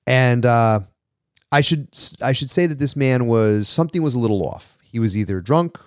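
Podcast host, thirties, animated storyteller who voices his quotes, dry close sound. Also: medium pitch, moderate pace, no echo. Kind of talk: casual storytelling.

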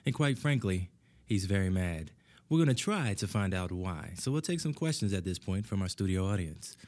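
Casting: a man as a smooth TV talk show host, low-ish voice. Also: big pitch swings, moderate pace, darkish tone. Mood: polished. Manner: polished broadcast delivery.

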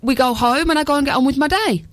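A woman's voice: high voice, quick pace, no echo. A woman co-presenting a local radio show, playful and dramatic in casual banter.

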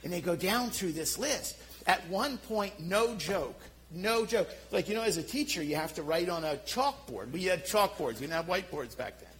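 Animated Philadelphia-accented pastor preaching. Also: male voice, high voice, normal speed, low-quality recording. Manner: animated, self-deprecating storytelling. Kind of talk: sermon.

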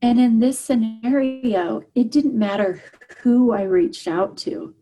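A woman telling her personal story as an interview guest, earnest and halting, with many fillers and restarts. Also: on the high side, mellow, rough recording. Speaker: guest, parent.

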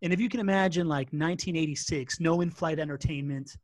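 A man's voice: a little high, fast. A man in his forties, born in Latin America and raised in Miami and Spain, telling his story in a chatty, self-deprecating way as a podcast guest. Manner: chatty, self-deprecating, repeats words while talking. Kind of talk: casual storytelling interview.

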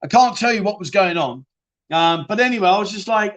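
A man's voice: sits high, expressive, a little fast, fairly bright tone. A man hosting a live chat show, rambling and joking as he reads out viewer comments and calls people mate.

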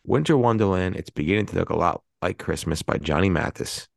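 A man co-hosts a podcast in casual chat, reading listener emails with a wry, deadpan humor. His voice is very deep and gravelly. The recording is dry and close. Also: brisk, no echo. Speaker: podcast co-host.

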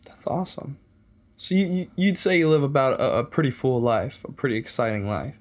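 A man's voice: medium pitch, expressive, a little fast. A young man from Texas hosting a casual interview, laid-back and joking with plenty of slang. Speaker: host.

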